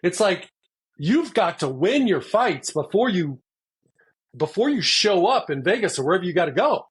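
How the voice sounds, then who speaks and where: Male podcast host, slightly high voice, husky, earnest coaching tone, sports analogies. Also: sing-song, moderate pace. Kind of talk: coaching talk in an interview.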